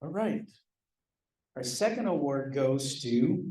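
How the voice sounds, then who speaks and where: Unhurried and a little mellow, this man's mid-range voice stays steady as he, a department chair, gives out student awards during a ceremony speech. His style is relaxed, humorous and self-deprecating. It's captured in a large, echoey banquet hall from a distant mic.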